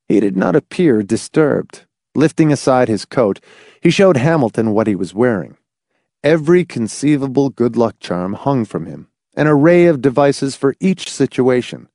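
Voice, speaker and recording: A male narrator reads a novel aloud with expressive storytelling, his pitch moving in animated swings. The sound is dry and close, with no room around it. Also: normal speed, no echo. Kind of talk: audiobook narration.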